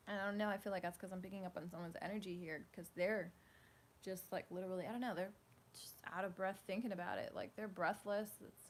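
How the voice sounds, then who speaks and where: A woman's voice: medium pitch, fast. Rambling woman giving a tarot reading. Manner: rambling, animated, lots of fillers. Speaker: tarot reader. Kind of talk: casual tarot reading to camera. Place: home room with a fan running. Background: faint fan hum.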